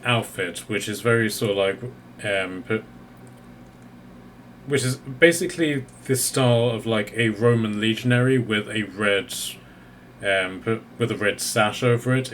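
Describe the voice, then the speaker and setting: A man narrating a tabletop game as game master, often pausing mid-sentence to find his words. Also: fairly low pitch, fairly bright tone, a little hiss or hum.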